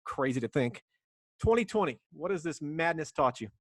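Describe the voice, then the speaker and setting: A man's voice: on the high side, animated, moderate pace, no room sound. A man hosting a radio interview from his home, enthusiastic and plugging his guest between rambling questions. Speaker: radio host. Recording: dry remote interview from home.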